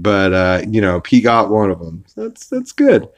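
A man hosting a podcast, casually recapping a cartoon episode in a rambling way with fillers and quick put-on voices for quotes. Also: on the low side, wildly swooping pitch. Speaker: podcast host.

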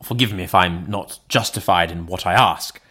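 A man's voice: low voice, sharp tone, slightly rough, pitched below the performer's own voice, full character voice. A man doing a shaken old miser. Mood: uneasy. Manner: halting, startled questions. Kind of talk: audiobook reading.

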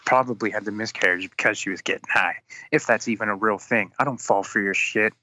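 A man telling a long story in casual chat, animated and swearing constantly as he acts out both sides of an argument. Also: fairly low pitch, fairly quick. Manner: animated, heavy swearing, quotes people in exasperated retellings.

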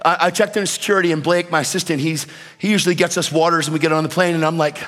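A high-pitched male preacher delivering a fervent sermon, his voice ringing with a long hall reverb. He swings between shouted exhortations and quick, quieter storytelling, and his passion runs through every line. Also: steady tone. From United States.

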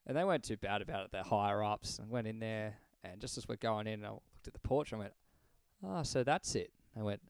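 A man's voice: on the low side, fast, hardly any pauses, clean tone, dry recording. A young Australian man co-hosting a podcast, telling a rambling story in casual chat and swearing freely. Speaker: podcast co-host.

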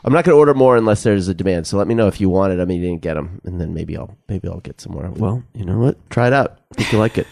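A man's voice: low-pitched, expressive, racing, vocal fry, few pauses, a little mellow, no echo, studio quality. A man co-hosting a podcast in casual chat, laid-back and hesitant with many fillers. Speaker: podcast co-host.

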